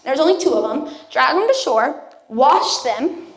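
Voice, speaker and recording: A woman's voice: high voice, expressive, a little slow. A young woman giving a youth sermon, telling a personal story in a casual way and acting out what people said. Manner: casual storytelling, acts out quotes. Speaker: youth speaker. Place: church youth room. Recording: echoey room.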